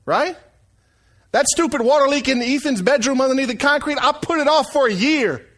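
Folksy preacher man, high voice. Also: expressive, moderate pace, fairly bright tone. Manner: folksy, conversational preaching with call-outs to the congregation. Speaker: pastor. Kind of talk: sermon.

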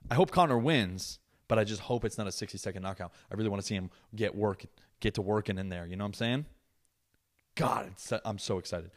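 A young man with a lowish voice hosts a solo podcast. He rants in a profane, sarcastic way, swinging between loud mock outrage and muttered asides. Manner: profane, sarcastic, animated ranting. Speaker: podcast host.

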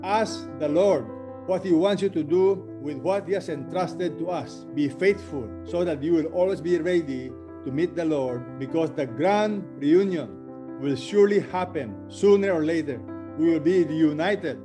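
A man's voice: fairly high pitch, unhurried, over music. A man closing a sermon, earnestly urging the listeners to be ready. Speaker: preacher.

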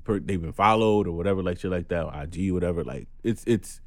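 A man's voice: sits low, quick pace, no room sound, clean studio sound. A man co-hosting a podcast, venting bluntly and profanely, his voice climbing when he gets angry. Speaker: podcast co-host. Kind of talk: casual podcast chat.

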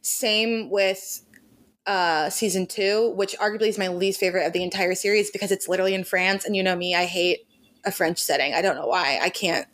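A young woman co-hosts a podcast, casually and emphatically gushing about a favorite book series and laughing often. Her voice is on the low side, steady and a bit bright, and she talks briskly.

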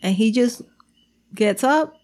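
A woman telling animated stories in casual chat, switching between English and Spanish, swearing freely and often laughing. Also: a little high, takes it slowly. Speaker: girlfriend telling stories about her partner.

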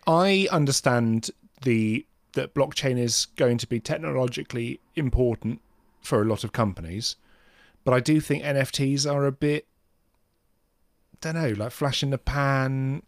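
A man co-hosting a casual podcast, chatting in a self-mocking, animated way. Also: medium pitch, unhurried, dry recording. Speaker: podcast co-host.

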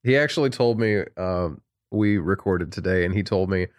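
A man's voice: sits low, normal speed. A man co-hosting a podcast, telling stories in a wry, casual way. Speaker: podcast co-host. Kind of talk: casual film discussion.

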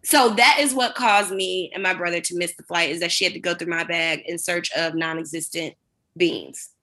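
A woman co-hosting a podcast, telling a long, animated, rambling anecdote in casual chat with plenty of swearing. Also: on the low side, normal speed. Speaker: podcast co-host.

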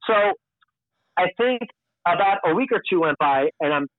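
A man's voice: sits high, lively intonation, normal speed, no echo. A man from Long Island, a podcast guest telling a story in a candid, rambling way. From Long Island, New York. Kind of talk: casual storytelling. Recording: tinny, dry phone-like sound.

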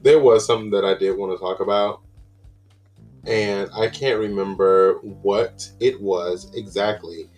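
Rambling, chatty man with a low voice. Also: fairly even intonation, unhurried, darkish tone, soft background music. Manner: rambling, chatty, with many fillers and exclamations. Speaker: podcast host. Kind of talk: casual solo podcast chat.

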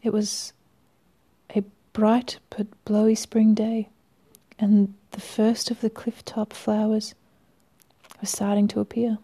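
A woman reads a first-person story with a wry, measured delivery, and at times her voice sinks to a near-whisper. Her voice is low and gravelly, dark and mellow in tone. The pitch stays fairly flat throughout. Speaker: reader.

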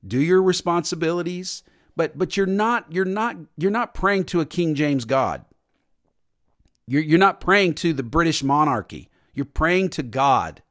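A man's voice: fairly high pitch, animated, unhurried, fairly bright tone. A man preaching a sermon as pastor, emphatic and repetitive, sometimes mimicking stiff formal prayers.

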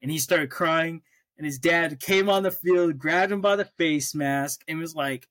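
A young man from Oklahoma co-hosts a podcast in loose, casual chat. He talks a touch higher than most men, recorded close and dry. He tells his stories with plenty of swearing and quick restarts. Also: fairly bright tone, no echo. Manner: storytelling, swears freely, restarts often. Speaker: podcast co-host.

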